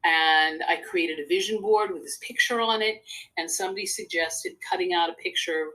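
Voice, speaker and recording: A woman's voice: lowish voice, normal speed, sharp tone, rough recording. An older woman, a psychotherapist and speaker, chatting earnestly as an interview guest, telling stories at length. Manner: earnest, rambling storyteller. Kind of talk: casual interview conversation.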